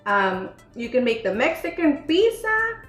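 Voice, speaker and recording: Unhurried and fairly bright, her high voice swings widely in pitch as she hosts a casual cooking demonstration at home. The cooking channel host chats, teases, and uses many fillers. Her kitchen is echoey, with faint music playing.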